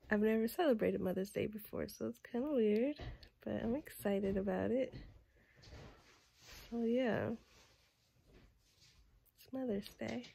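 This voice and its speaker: A woman's voice: mid-range voice, gravelly, mellow, breathy edge. A young woman chatting casually to her viewers in a vlog, bubbly and talkative, filmed on a handheld phone. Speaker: vlogger.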